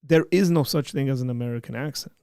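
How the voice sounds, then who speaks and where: Guy with a gravelly voice doing a live chat stream, reading comments and joking around, dry sound. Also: medium pitch, fast, a little mellow, dry recording. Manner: joking, reads and answers viewer comments aloud.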